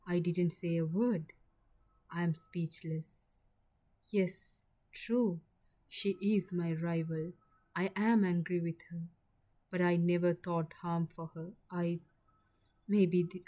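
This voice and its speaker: A woman reading a sad first-person story aloud in a measured, soft narrating style. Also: on the low side, flat delivery.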